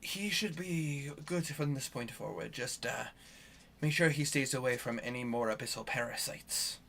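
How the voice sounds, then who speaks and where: Man voicing a polite, soft-spoken healer. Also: medium pitch, normal speed, creaky, a little hiss or hum. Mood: courteous. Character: courteous male magic healer.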